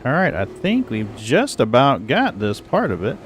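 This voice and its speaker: A man's voice: mid-range voice, huge pitch swings, moderate pace, slight background noise. A middle-aged man hosting a livestream, chatting casually with viewers in a rambling, chatty way full of exclamations. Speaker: livestream host. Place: home computer setup.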